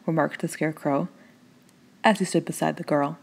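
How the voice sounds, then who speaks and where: A woman narrating a children's storybook as an audiobook reader, in a calm and measured way. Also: low-pitched, vocal fry, breathy edge.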